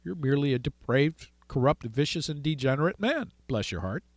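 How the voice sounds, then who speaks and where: A man voicing a devout man refusing to bow, in a low, quiet, scornful tone. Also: lively intonation, fairly quick, no room sound. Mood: defiant.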